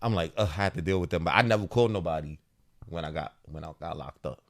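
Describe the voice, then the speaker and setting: Low-pitched and fast-talking, this podcast co-host in his thirties recounts a story in relaxed chat. He performs the characters' voices with lots of energy and frequent laughter.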